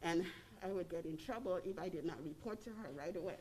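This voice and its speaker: A woman's voice: lowish voice, slight background noise. Woman giving a fond funeral tribute. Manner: fond, storytelling, with soft pauses. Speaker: family member giving a eulogy. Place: funeral service hall.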